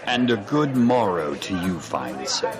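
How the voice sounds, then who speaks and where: A man's voice: deep voice, big pitch swings, unhurried, a crowd in the background. A man putting on a pompous, tipsy mock-Shakespearean voice. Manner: pompous, theatrical. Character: drunken man speaking mock-Shakespearean English.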